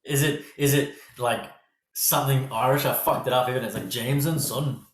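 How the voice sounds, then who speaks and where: A man's voice: mid-range voice, steady tone, fairly quick. Australian man, podcast host, casual rambling chat, swears a lot, roomy echo. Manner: rambling, swears freely, laughs often.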